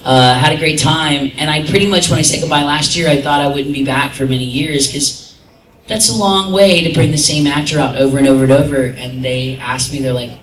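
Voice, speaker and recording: Animated man telling stories in an echoey hall. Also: fairly high pitch, a little fast. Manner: animated, laughs often, mimics voices. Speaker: convention guest voice actor. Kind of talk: casual storytelling at a convention panel. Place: convention panel room. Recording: echoey room, somewhat distant, faint noise.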